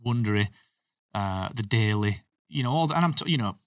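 A man hosting a podcast, chatting casually and giving opinions with quick asides. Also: lowish voice, animated, no room sound, studio quality, recorded from a distance. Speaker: podcast host. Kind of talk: casual chat.

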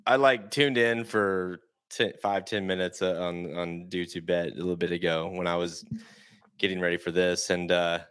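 Man, podcast host, casual chat, low voice, laid-back, stumbles over starts. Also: fairly even intonation, moderate pace, fairly bright tone, clean tone. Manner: laid-back, repeats words as he starts sentences.

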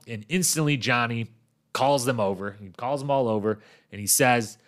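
A man hosts a podcast and recaps a reality show in a casual monologue at a normal speed. He tells the story animatedly, packing it with fillers and acting out the people he quotes with lively jumps in pitch.

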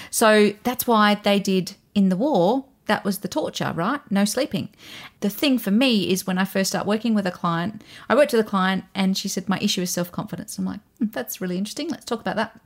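A woman hosting an interview, who laughs often and acts out her clients' voices in lively swings. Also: mid-range voice, moderate pace. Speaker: podcast host and coach. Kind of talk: conversational interview.

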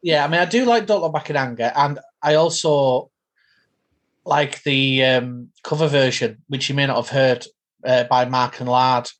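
A man's voice: mid-range voice, normal speed. A man co-hosting a casual podcast chat, enthusiastic and teasing. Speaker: podcast co-host.

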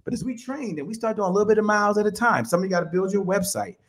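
A man's voice: sits high, rapid-fire. A man giving a fired-up motivational talk on a podcast, preaching with chants and call-and-response. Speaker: guest speaker. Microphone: remote call.

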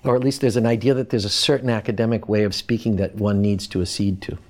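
A man from Boston, an academic guest, giving reflective interview answers in a measured, thoughtful way with pauses. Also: on the low side, fairly even intonation, darkish tone.

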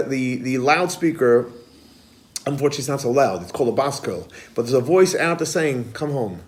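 A man teaching a spoken lesson on mystical texts, with a somewhat high pitch. He swings between loud, urgent calls and soft, hushed passages. He keeps asking questions and answering them himself. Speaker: rabbi teaching a Kabbalah class. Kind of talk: lively spoken Torah lesson.

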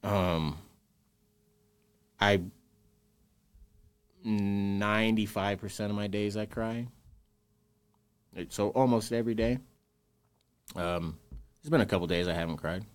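Brief: adult male guest, lowish voice, earnest, emotional, opens up about grief. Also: slow pace, pauses often, clean tone. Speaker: podcast guest. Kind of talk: candid interview conversation.

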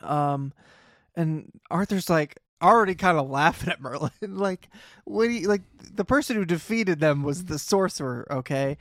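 A man's voice: a little high, moderate pace, a bit bright, dry recording, studio quality. A man co-hosting a casual podcast, animatedly recapping an episode and reading quotes aloud. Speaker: podcast co-host.

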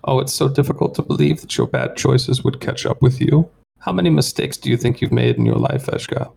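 A man voicing a gray, insect-like male alien bounty hunter with a high, whining voice, taunting his quarry. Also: a little fast, gravelly, a little mellow, a little hiss or hum. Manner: smug, needling taunts.

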